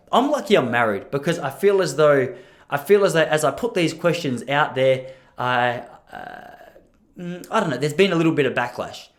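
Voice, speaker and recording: A man, rambling and joking about himself as a podcast host. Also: a little high. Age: 30s. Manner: self-deprecating, rambling with restarts and laughs. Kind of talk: solo rambling podcast monologue.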